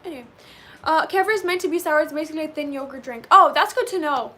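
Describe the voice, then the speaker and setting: High-voiced young woman chatting to her stream. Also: fast. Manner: chatty and animated, says "like" often. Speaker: livestreamer reading chat. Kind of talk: casual chat with live viewers.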